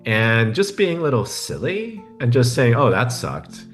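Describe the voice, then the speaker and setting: A man's voice: mid-range voice, wildly swooping pitch, measured pace, soft background music. A man as a podcast guest, talking reflectively and often checking in with the listener. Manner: reflective, often adds a tag question. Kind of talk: conversational interview.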